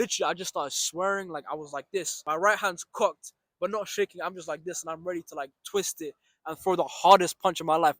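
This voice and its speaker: A young man telling a story about his day, swearing freely and acting out the shouts and the other voices. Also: sits high, steady tone, fairly quick, dry recording. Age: young adult. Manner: swears freely, retells with reenacted shouts and asides. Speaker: storyteller vlogger. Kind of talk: animated storytime monologue.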